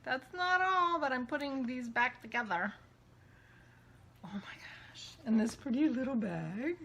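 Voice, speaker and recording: A woman hosting a casual vlog, chatty and excitable, gushing as she talks. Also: high voice, moderate pace. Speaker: podcast host. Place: outdoors walking a dog, then indoors.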